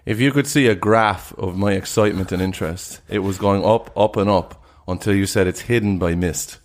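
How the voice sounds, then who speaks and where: A low-pitched man trades comic banter on a podcast. He needles his co-host with quick, skeptical and sarcastic questions, his delivery dry and mocking. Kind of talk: casual comedic banter.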